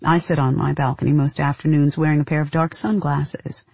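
A woman narrating a first-person story in a measured, intimate, deadpan way. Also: low voice, gravelly, slightly rough, no room sound.

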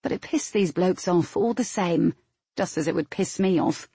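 A woman reading a first-person novel aloud in a steady, matter-of-fact storytelling manner. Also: fairly low pitch, moderate pace, husky, no room sound. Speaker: audiobook narrator. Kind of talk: first-person scripted narration.

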